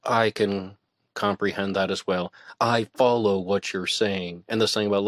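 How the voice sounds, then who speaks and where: A man hosts his own podcast and thinks out loud in a relaxed, conversational way. His voice sits very low, and he sometimes trails off or restarts. The sound is dry and close, with no room around it. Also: unhurried, no echo. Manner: conversational, musing aloud with hesitations. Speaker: podcast host. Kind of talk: casual solo commentary.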